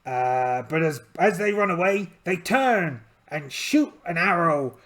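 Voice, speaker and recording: A man's voice: a little high, moderate pace, gravelly, few pauses, a bit bright. A man narrating a solo tabletop game in a chatty, self-amused way, adding playful asides as he rolls dice.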